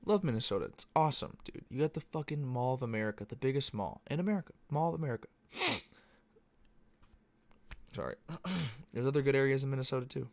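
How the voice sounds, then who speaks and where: A man's voice: mid-range voice, quick pace, gravelly, darkish tone, no echo. A young man hosting a podcast, talking casually in a loose, profane, meandering monologue. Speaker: podcast host. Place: Arizona.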